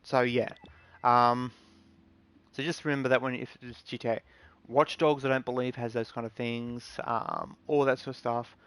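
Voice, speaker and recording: A man's voice: medium pitch, level tone, moderate pace, a bit bright, smooth. A man hosting a casual gaming vlog, ranting in a rambling, aggrieved way with lots of ums and restarts. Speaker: gaming channel host.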